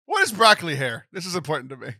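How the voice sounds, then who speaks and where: A man's voice: a little high, huge pitch swings, racing, sharp tone, dry recording, studio quality. A man co-hosting a podcast, chiming in with jokes in casual chat. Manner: joking interjections. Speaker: podcast co-host.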